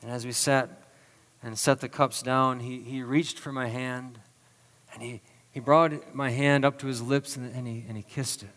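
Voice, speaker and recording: A male pastor telling a story in a slow, earnest sermon, his lines often trailing off softly. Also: medium pitch, flat delivery, big-room sound.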